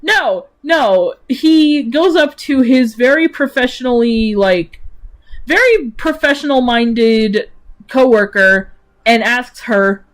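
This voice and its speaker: A woman's voice: a little high, animated, takes it slowly. Giggly rambling woman streamer. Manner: rambling with many fillers, giggles often. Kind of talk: casual chat about her own characters.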